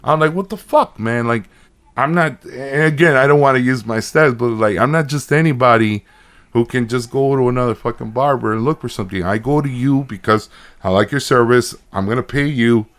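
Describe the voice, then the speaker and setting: A man's voice: medium pitch, a little fast, fairly bright tone. A man in his thirties, a podcast co-host, telling a story in casual chat, acting out both sides of a conversation and swearing when worked up.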